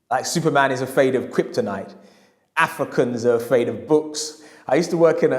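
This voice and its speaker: A man's voice: medium pitch, darkish tone. Emphatic male lecturer, echoey hall. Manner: emphatic, repeats key phrases. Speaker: historian and lecturer. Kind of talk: storytelling lecture.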